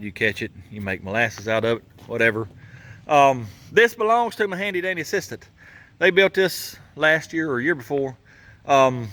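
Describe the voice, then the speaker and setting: A man's voice: a little high, fairly bright tone. A man hosting a garage channel, talking folksy and casual while he works, chuckling and grumbling about how things are built.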